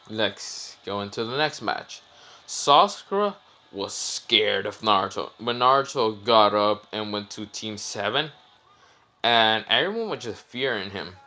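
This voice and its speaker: A man's voice: on the low side, very animated, a little slow, pushed and bright. A young man casually retelling a fan story. He rambles with many fillers and self-corrections.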